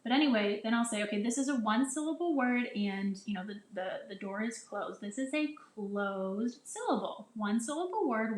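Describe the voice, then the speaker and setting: A woman teacher with a medium-pitched voice explains phonics to other teachers, casual and chatty, often restarting sentences. She sounds out vowels the way she would for children, and the room is echoey.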